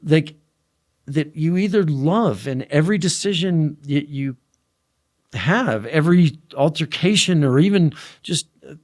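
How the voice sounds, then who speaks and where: A young man in a casual podcast conversation, telling a story animatedly and dropping to a hush at tense moments. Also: a little high, animated, measured pace. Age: young adult. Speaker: podcast guest.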